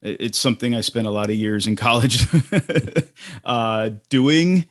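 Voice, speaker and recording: A man's voice: medium pitch, a little slow. A man with a mid-range voice chats casually as a podcast co-host. He often stops and restarts his phrases. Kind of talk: casual chat.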